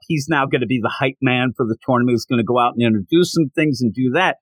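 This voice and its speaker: A man hosting a podcast, casually retelling a comic chapter with amused asides and quick voice impressions. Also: medium pitch, no room sound. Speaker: podcast host. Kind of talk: casual manga recap.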